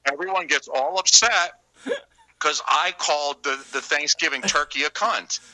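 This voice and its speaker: A man's voice: on the high side, moderate pace, dry recording, rough recording. A man co-hosting a podcast, talking in crude, teasing, profane banter with his friends. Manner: loud, teasing, profane, animated. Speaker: podcast co-host.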